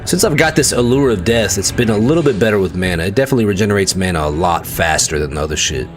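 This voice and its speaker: A man streaming an online game live, reacting loudly, swearing freely and chatting with his viewers. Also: lowish voice, fast talker, faint music behind. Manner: excitable, swears, talks to chat viewers. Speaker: livestreaming gamer. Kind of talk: casual live gameplay commentary.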